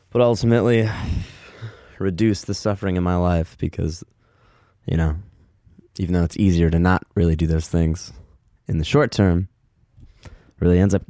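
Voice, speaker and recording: A man talks through a loose solo podcast, wandering between thoughts with frequent swearing and self-mocking asides. His voice sits fairly low and comes across smooth and resonant. The sound is dry and close, with no room around it. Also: dry recording. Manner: rambling, frequent profanity and filler words; loose, self-mocking, lively swings in pitch. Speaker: podcast host. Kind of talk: casual solo podcast monologue.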